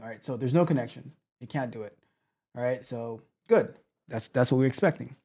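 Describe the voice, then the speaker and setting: Mellow-voiced man thinking aloud. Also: medium pitch, vocal fry. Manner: thinking aloud, halting restarts, trailing off. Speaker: tech coach. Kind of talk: live-streamed coding walkthrough.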